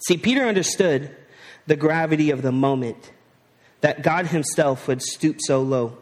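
A man's voice: on the high side, moderate pace, long reverb tail. A man preaching a sermon in a conversational way, asking the listeners rhetorical questions and slipping into slang. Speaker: pastor.

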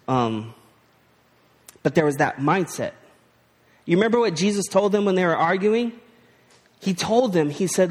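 High-voiced conversational male preacher. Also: expressive, a little slow, pauses often, big-room sound. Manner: conversational preaching, asks rhetorical questions and slips into slang. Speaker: pastor. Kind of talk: sermon.

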